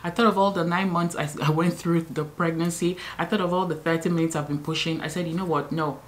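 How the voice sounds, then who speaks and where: A woman with a low-pitched voice talks casually to her camera at home. She rambles with fillers and self-corrections. A faint background hiss sits under her voice. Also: fast talker. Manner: chatty, many fillers and restarts, animated when reliving moments. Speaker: vlogger, new mother. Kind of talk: casual vlog storytelling.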